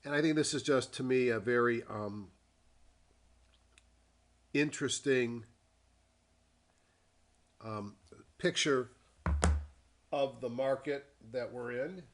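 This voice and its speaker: Unhurried man reviewing the market. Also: medium pitch. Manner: unhurried, thinking aloud with frequent ums and pauses; reads a formal disclaimer. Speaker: trader giving a weekly market review. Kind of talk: dictated screen-share market commentary.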